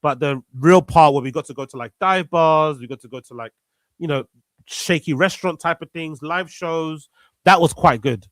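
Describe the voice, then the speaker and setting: Brief: relaxed male guest, slightly high voice, dry close sound. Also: normal speed, dry recording. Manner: laid-back, rambling, swears casually. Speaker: guest, fellow show host. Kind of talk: casual chat on a live stream.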